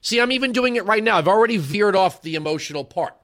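A man's voice: sits high, lively intonation, fast talker, fairly bright tone. A man in his forties hosting a political talk radio show, giving an emphatic, rhetorical monologue that moves between lecturing and storytelling.

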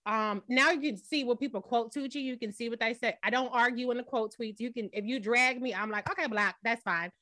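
A woman's voice: a little high, steady tone, fairly quick, hardly any pauses, bright, forceful tone, no room sound. A woman from the US, raised in Los Angeles, chatting as a talk-show guest and acting out her own quoted remarks. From US, born in Boston, raised in Los Angeles. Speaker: guest commentator. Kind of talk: casual talk-show chat.

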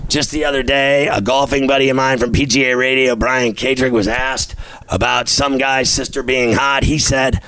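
A loud, boastful man with a smooth, clear voice runs a sports podcast monologue. He brags and threatens jokingly, recorded close and dry with no room sound. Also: medium pitch, fairly even intonation, moderate pace, dry recording, rough recording. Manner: boastful, loud, mock-tough. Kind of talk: brash comedic monologue.

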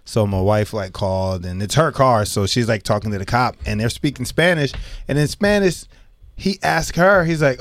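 A man's voice: mid-range voice, moderate pace, no room sound. A man chatting casually on a podcast, telling a story in a laid-back way. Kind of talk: casual chat.

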